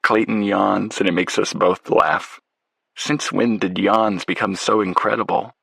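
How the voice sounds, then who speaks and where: A man narrating an audiobook in the first person, in a quiet, emotional manner. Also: lowish voice, steady tone, a little slow, gravelly, slightly rough, no echo.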